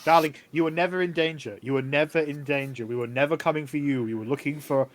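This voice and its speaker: A man's voice: fairly high pitch, fairly even intonation, fast, close to an everyday voice. A man voicing a glamorous, famous 1920s woman who dotes on everyone and calls them darling, in a tabletop game. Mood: consoling.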